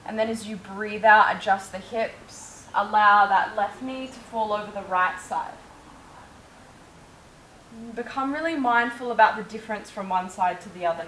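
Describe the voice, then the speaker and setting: A woman teaching a yoga class, calmly cueing breath and movement step by step. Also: medium pitch, recorded from a distance, a little hiss or hum. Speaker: yoga instructor. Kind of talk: guided yoga class instruction. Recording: echoey room, faint ambience.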